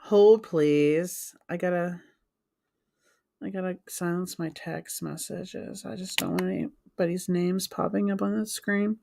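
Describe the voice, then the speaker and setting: A woman's voice: on the low side, flat delivery, normal speed, gravelly, background noise. A woman co-hosting a live home stream, chatting casually and insisting on her point, spelling words out letter by letter. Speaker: co-host of a live reselling stream. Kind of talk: casual chat.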